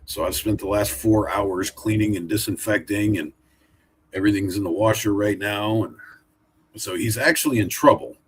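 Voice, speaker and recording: A man's voice: lowish voice, normal speed, slightly rough. A man hosting a casual live stream from home, rambling and chatty while he talks to his dog. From Oregon, USA. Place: home room, sitting in a wooden chair.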